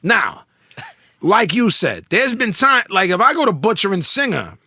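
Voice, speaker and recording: A brash, joking man, riffing through profane podcast banter. His voice sits high, with a gravelly, bright edge, and it swings widely in pitch. The sound is dry and close. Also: wildly swooping pitch, moderate pace, no room sound. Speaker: podcast host.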